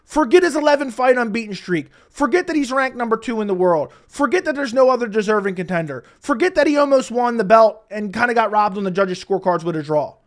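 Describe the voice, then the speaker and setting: A man's voice: extremely high pitch, expressive, fast talker, hardly any pauses. A man hosting an online combat sports commentary channel, reading tweets aloud and mocking them in a heated, opinionated rant. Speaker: MMA commentary channel host.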